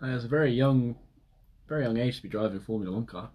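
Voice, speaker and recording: Deadpan man, mid-pitched. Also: rapid-fire, a little hiss or hum. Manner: dry, deadpan quips. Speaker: podcast co-host. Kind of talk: casual chat.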